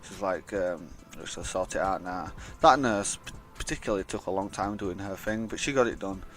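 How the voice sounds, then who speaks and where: A man's voice: sits low, moderate pace, a bit bright, soft background music. A young man telling a rambling, blunt, sweary story in a casual vlog. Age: young adult. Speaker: vlogger.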